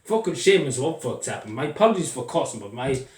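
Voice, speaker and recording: A man's voice: mid-range voice, big pitch swings, fast. An Irish man ranting angrily to camera, swearing often and repeating himself as he gets worked up. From Ireland. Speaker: vlogger. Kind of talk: angry political rant. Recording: echoey room, mic at a distance.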